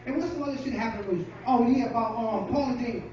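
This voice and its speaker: A man's voice: very high-pitched, fast talker, background noise. Profane man doing stand-up in echoey café. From Rochester, New York. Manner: loose, profane, storytelling. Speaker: stand-up comedian. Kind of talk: stand-up comedy set. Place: café open mic. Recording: echoey, lo-fi room from far off.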